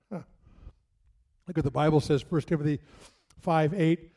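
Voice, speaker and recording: Middle-aged guy preaching, high voice, chatty storytelling, dramatic pauses. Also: creaky, mellow. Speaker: pastor. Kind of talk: sermon.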